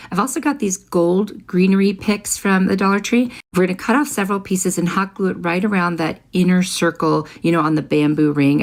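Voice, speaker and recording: A middle-aged woman narrates a craft tutorial as a voice-over, talking the listener through each step in a friendly, easy way. Her voice sits a little low for a woman. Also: gravelly. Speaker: craft channel host.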